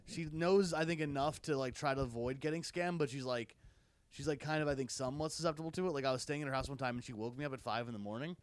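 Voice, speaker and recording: A man who is a comedian guest on a podcast, telling rambling stories in casual chat, full of fillers and restarts. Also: medium pitch. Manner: rapid, rambling storytelling with many fillers and restarts.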